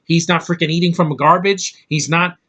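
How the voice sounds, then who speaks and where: A man's voice: a little high, steady tone, a little fast, bright, forceful tone. A man giving an angry, profane, rambling movie review rant.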